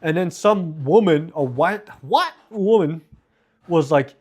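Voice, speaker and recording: A man's voice: a little high, animated, husky. A man live streaming, reading and answering viewer comments in a casual, profane, rambling way. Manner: profane, rambling, quick asides.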